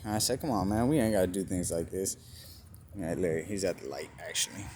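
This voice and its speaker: Man, low voice, casual vlog, animated retelling, outdoor traffic noise. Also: fairly quick. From California. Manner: animated retelling, acts out both sides of dialogue, swears. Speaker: vlogger. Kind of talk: casual storytelling to camera. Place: outdoors at a store parking lot. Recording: noisy outdoor recording with passing traffic.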